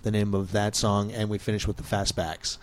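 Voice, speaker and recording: A man's voice: fairly low pitch, flat delivery, a little fast. Jokey male co-host reading a playlist. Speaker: radio show co-host. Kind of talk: casual radio chat.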